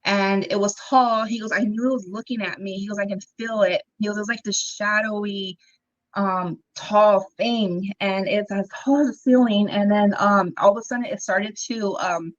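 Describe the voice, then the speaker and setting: A young woman chatting as a guest on a podcast, telling her own story with plenty of ums and quick laughs. She acts out the lines of the people in it as she goes. Her voice sits at an ordinary middle pitch, and the sound is a little dull and lo-fi. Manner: animated, acts out quoted dialogue, frequent ums and laughs. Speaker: interview guest. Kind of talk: casual storytelling conversation.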